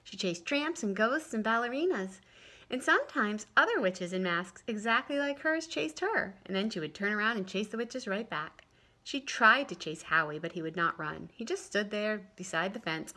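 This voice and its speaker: A woman's voice: medium pitch, bright, forceful tone. A woman tutor reading a children's chapter book aloud and explaining it in a friendly way.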